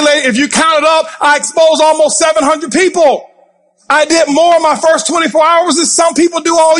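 A man giving a fired-up motivational speech from a stage, intense and passionate, yelling at the crowd. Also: extremely high pitch. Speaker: motivational speaker. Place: stage before a live audience.

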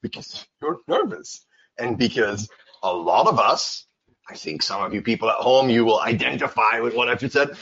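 A man's voice: mid-range voice, animated, moderate pace, fairly bright tone, husky. A man teaching an English lesson in a casual, playful way, acting out little dialogues with exaggerated voices. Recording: slightly dull, lo-fi sound.

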